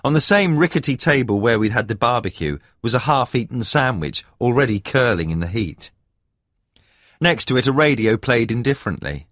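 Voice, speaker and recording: A male audiobook narrator with a mid-pitched voice, reading a first-person thriller with measured, expressive delivery. His intonation rises and falls a great deal, and the close studio recording is completely dry. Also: no echo. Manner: measured storytelling with expressive emphasis.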